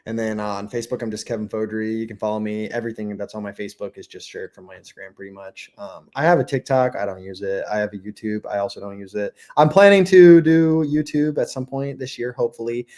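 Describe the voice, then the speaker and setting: Fast-talking animated young man. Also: fairly low pitch. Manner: fast, animated storytelling with mimicked quotes. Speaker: podcast guest. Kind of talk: casual chat.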